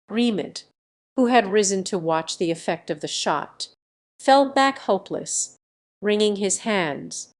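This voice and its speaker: A woman narrating a classic adventure novel as an audiobook, reading in an even, measured way. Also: mid-range voice. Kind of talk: scripted narration.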